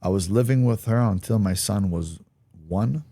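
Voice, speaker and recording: Low-voiced man telling a blunt story. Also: normal speed, dry recording, studio quality. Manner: blunt, animated, acts out quoted voices. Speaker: interview guest. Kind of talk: candid personal storytelling.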